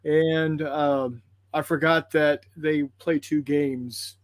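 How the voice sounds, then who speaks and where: Guy hosting a game stream, rambly and apologetic, kinda high voice, dry close sound. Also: steady tone, takes it slowly, no room sound. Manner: rambling, apologetic, folksy with fillers. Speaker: host of a tabletop gaming livestream. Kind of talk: casual chat reading viewer comments.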